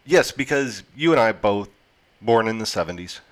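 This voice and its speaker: A man in his forties talks in a slightly low voice during a relaxed discussion. He thinks aloud, trails off and restarts his sentences as he works his ideas out. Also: moderate pace. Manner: thoughtful, rambling with restarts. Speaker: podcast co-host. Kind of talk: casual discussion.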